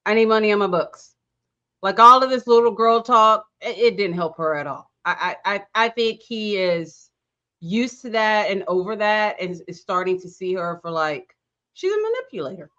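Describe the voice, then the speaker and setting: A woman co-hosting a casual reality TV chat, with a blunt, wry way of reacting. Her voice sits at a mid pitch. The recording is dull and muffled, as if it comes from a remote line. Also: animated, normal speed, bright, forceful tone. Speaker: co-host.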